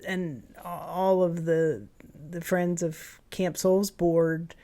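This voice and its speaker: A woman's voice: on the low side, flat delivery, drawn-out words, warm tone. A woman in her fifties, a guest in a casual interview chat, who meanders and restarts her sentences. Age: 50s. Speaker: camp owner, guest.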